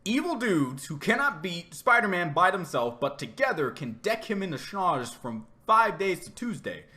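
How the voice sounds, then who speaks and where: Lively, bright-voiced man ranting. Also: sits high, normal speed. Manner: animated and rambling, laughing often, repeating words. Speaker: reaction video host. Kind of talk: casual reaction commentary.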